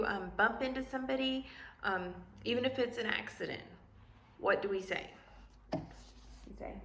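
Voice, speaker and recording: A woman teacher reads a picture book aloud to young children in a sing-song, coaxing way and stops often to ask them questions. Her voice sits fairly high and moves up and down a lot. The room gives it a noticeable echo. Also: a bit bright.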